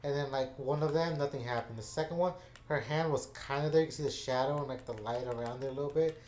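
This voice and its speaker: A man's voice: medium pitch, fast, darkish tone, slight background noise. A man casually telling a story to his channel's viewers, rambling, with lots of fillers and restarts. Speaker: gaming channel host. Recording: echoey room.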